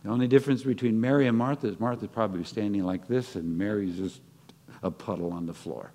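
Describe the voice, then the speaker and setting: A man's voice: lowish voice, fast, mellow. A man preaching a sermon in a conversational way, stumbling over restarts, laughing at himself, then rising to fervent peaks. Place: church sanctuary. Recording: long hall reverb.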